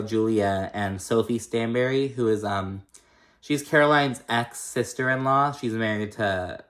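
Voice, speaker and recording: A man's voice: medium pitch, a bit bright. A man giving a casual recap of a reality TV episode, chatty and profane, with lots of fillers and shady asides.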